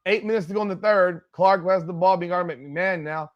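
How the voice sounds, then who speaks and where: A man with a fairly high voice calls the game play by play on his live watch-party stream. His delivery is blunt and full of swearing. He breaks easily into exasperated outbursts. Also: fairly quick, few pauses.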